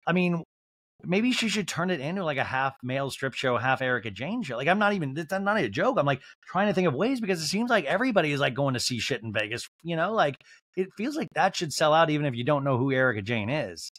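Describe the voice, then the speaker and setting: A man's voice: a little high, sing-song, fast, a bit bright, no echo, clean studio sound. A man hosting a podcast, giving a rambling, comedic recap of a reality show with lots of fillers like "like". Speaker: podcast host.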